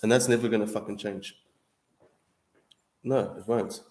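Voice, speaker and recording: A man's voice: fairly low pitch, steady tone, a little slow, darkish tone. Heated, profane young man ranting. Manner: heated, profane, repeats "bro" and "dude". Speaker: streamer answering viewers. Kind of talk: casual ranting monologue. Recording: echoey room.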